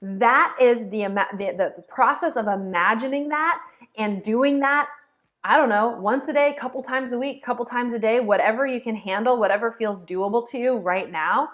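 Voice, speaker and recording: An upbeat woman talks straight to her viewers like a teacher. Her voice sits a little high for a woman. She slips into lively imagined inner voices to make her points. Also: moderate pace. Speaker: law of attraction teacher. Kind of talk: teaching to camera, casual.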